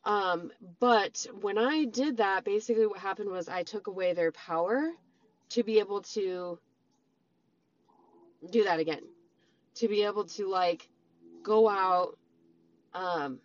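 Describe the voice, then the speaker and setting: A woman's voice: mid-range voice, a little slow, long pauses. A woman casually telling her own story straight to her viewers, rambling, with many "like" and "um" fillers. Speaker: storyteller recounting a relationship. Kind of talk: casual personal storytelling to camera. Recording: slightly dull lo-fi sound.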